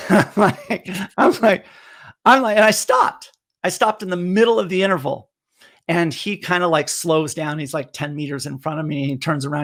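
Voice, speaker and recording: A man with a fairly high, gravelly voice tells coaching stories over a video call. He is animated and acts out the quoted dialogue. The feel is casual and conversational. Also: moderate pace. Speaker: running coach, guest. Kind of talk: casual storytelling on a live stream.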